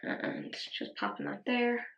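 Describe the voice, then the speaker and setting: A woman's voice: a little high, huge pitch swings, slow, dull audio. A woman chatting casually through a makeup tutorial, rambling and poking fun at herself. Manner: chatty, self-mocking, rambling asides. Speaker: makeup vlogger. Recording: roomy echo.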